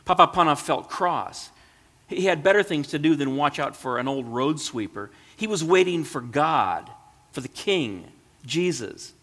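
Measured male storyteller in a reverberant hall. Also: on the high side, animated, a bit bright. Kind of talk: storybook reading.

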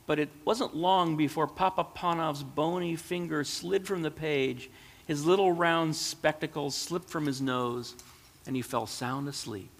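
Measured male storyteller in a reverberant hall. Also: on the high side. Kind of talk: storybook reading.

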